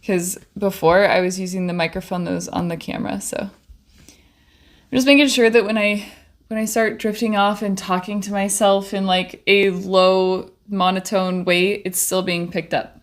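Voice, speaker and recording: A woman's voice: mid-range voice, fairly even intonation, moderate pace. Young woman rambling happily at her desk mic while she paints on stream, lots of restarts. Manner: chatty, bubbly, trails off and restarts. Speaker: livestreaming painter. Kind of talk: casual chat while painting. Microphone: desk microphone.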